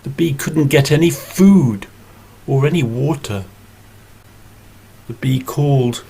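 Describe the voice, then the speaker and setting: A man from England, telling a story slowly and expressively over a video call. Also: medium pitch, gravelly, husky, low-quality recording. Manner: slow, deliberate and expressive. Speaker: storyteller and English teacher. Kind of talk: oral storytelling.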